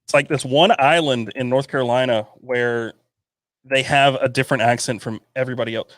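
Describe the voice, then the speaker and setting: A man co-hosts a podcast, chatting casually in a relaxed way and tending to mumble. His mid-range voice moves a little fast, and the recording is clean studio sound with no room noise.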